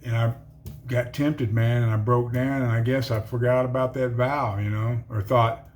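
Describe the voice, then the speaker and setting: A man's voice: mid-range voice, flat delivery, moderate pace, a little hiss or hum. A middle-aged man rambling through a personal testimony, full of fillers and calling the listener "man". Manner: rambling, filler-heavy, says "man" often. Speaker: testimony speaker.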